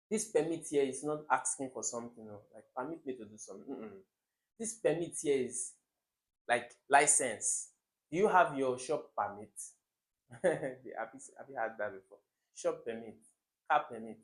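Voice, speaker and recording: A young man teaching exam English in an animated way. He says words over and over with the stress moved around, and his voice sits in a middle range. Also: mid-range voice, rough recording. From Nigeria. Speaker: exam tutor. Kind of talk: explaining exam questions.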